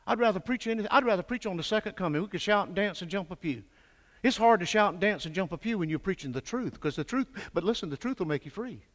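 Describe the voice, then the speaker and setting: An older man preaching a fervent sermon, swinging from hushed lines to shouted peaks and calling for answers from the congregation. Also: high voice, animated, fast talker. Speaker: pastor. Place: church sanctuary. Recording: echoey church hall.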